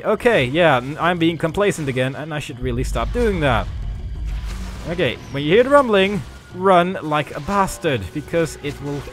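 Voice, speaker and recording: Man, let's play commentary, chatty, self-mocking, animated pitch. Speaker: gaming video host.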